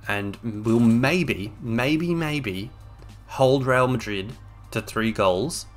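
A young man talks over his gameplay at a desk microphone, mid-pitched and audibly fed up. He swings between sarcastic jabs and weary grumbling, with faint music playing underneath. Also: lively intonation, extremely slow. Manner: exasperated, ranting, sarcastic. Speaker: game streamer. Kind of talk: frustrated gameplay commentary.

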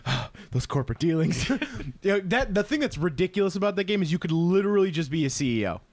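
A man's voice: high-pitched, very animated, fast, no room sound. A man co-hosting a casual gaming podcast, swearing freely, laughing often and acting out quotes in goofy voices. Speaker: podcast co-host.

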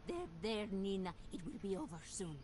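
A woman voicing an older woman in a video game, speaking in a gentle, hushed way. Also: medium pitch, lively intonation, normal speed, slight background noise, lightly acted. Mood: soothing.

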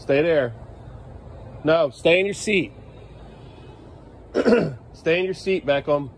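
Slow-paced and a little high in pitch, this father's voice comes through with slight background noise. He records a laid-back family vlog on a handheld camera, bantering with his young sons and gently urging them along in the kitchen.

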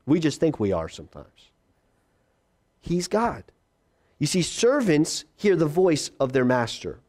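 A male pastor preaching a sermon in a conversational way, repeating key phrases and slowing down for emphasis. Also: on the high side, huge pitch swings, a little mellow.

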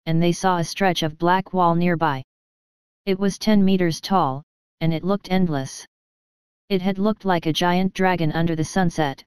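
A woman narrating an audiobook in steady scripted storytelling, recorded close on a studio mic. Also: lowish voice, clear, resonant tone, no echo.

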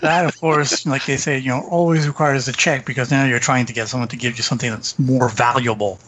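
A man talking casually as a podcast guest, halting and restarting his sentences. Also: medium pitch, steady tone, fairly bright tone, husky. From Canada. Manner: halting, restarts often, chuckles. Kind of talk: casual chat about tabletop games.

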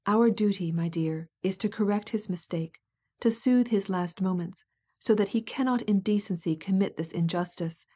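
A woman's voice: medium pitch, normal speed, dark tone, slightly rough, lightly acted. A woman voicing an impatient, scheming prince who coaxes and insists by turns. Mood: impatient, coaxing.

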